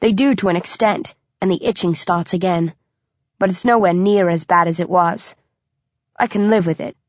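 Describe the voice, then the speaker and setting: A woman with a fairly low voice reads a first-person audiobook, bringing lively storytelling and a sly, dry humor to the text. The recording is close and dry, with a dull, lo-fi tone. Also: normal speed, no echo. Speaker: audiobook narrator.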